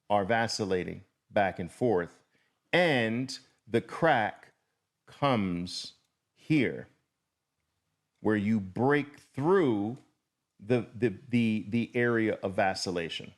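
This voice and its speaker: Slow, emphatic male trading teacher. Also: on the low side. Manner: deliberate, repetitive, emphatic teaching. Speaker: trading educator. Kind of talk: chart-drawing lesson.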